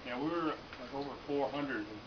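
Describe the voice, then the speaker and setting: A man's voice: medium pitch, moderate pace, crowd noise. A man in casual chat, telling a rambling story with fillers like "like" and "yeah". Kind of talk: casual chat about engines. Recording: lo-fi camera audio with background noise.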